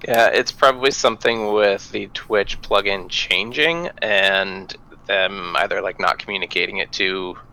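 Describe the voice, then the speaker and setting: Laid-back low-voiced man in casual chat. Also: fairly even intonation, unhurried, few pauses, bright, forceful tone, poor audio.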